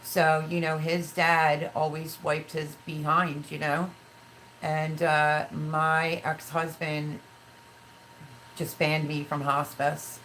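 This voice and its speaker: A woman's voice: sits low, flat delivery, slow pace, fairly bright tone, a little hiss or hum, poor audio. A middle-aged woman hosting a casual live stream, talking candidly and emotionally in a rambling way while reading viewer comments. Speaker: livestream host.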